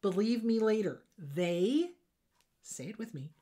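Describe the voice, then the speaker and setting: A blunt woman talks through emotional advice as a therapist host, with a lively, animated delivery. Her voice sits at an everyday middle pitch. She slips into mock voices when quoting people. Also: slow pace. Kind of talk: casual advice monologue.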